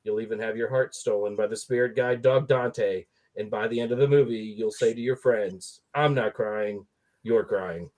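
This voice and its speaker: A man with a middle-pitched, ordinary voice reads a comedy movie review aloud. He sounds sarcastic and mock-exasperated throughout, pushing his complaints as jokes. Nothing stands out about the recording. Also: steady tone, normal speed, few pauses, a little mellow.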